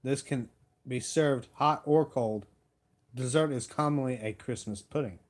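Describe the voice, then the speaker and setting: Man live-stream host, folksy and rambling, drawn-out delivery, mid-pitched. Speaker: livestream host. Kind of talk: casual live-stream chat.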